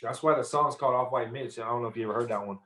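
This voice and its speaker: A man's voice: mid-range voice, rapid-fire, a bit bright. A man guest on a podcast, telling a story loosely with lots of slang and fillers. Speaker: rapper guest. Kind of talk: casual interview storytelling.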